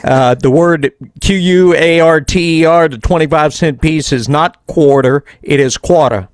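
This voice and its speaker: A man's voice: on the high side, measured pace, dry recording, clean studio sound. A man in his sixties from Louisiana with a Southern accent, a radio host chatting casually and patiently explaining how words are said. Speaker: show host, radio broadcaster. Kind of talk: casual chat.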